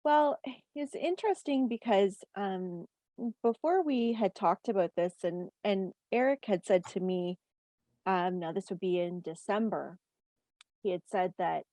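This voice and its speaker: A woman's voice: mid-range voice, unhurried, warm tone, dry recording. A woman from Canada working as a medium, steadily relaying quoted messages in casual conversation.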